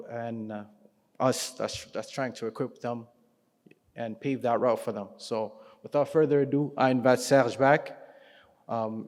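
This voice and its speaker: A man speaking as an event organizer, in a formal but halting way with many fillers. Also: mid-range voice, darkish tone. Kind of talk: formal speech with pauses. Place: large reverberant banquet hall. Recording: echoey hall sound.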